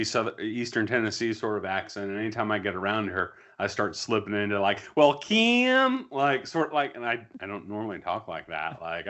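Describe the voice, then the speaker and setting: A man co-hosting a podcast, telling anecdotes in a relaxed, easygoing way. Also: fairly low pitch. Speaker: podcast co-host. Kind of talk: casual storytelling chat. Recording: dull, lo-fi microphone.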